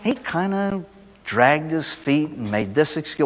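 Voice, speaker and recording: A man's voice: high-pitched, big pitch swings, brisk, a bit bright. A man, a priest, giving a recovery talk to an audience, telling folksy stories and asking rhetorical questions. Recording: echoey hall recording.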